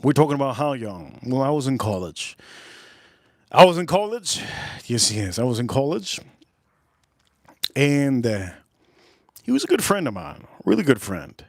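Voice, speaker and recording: A man's voice: mid-range voice, sing-song, a little slow, pauses often, dry recording, studio quality. Rambling man chatting on a live stream. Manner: rambling storyteller, slangy and loose. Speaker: livestream host, whiskey reviewer. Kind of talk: casual rambling livestream chat.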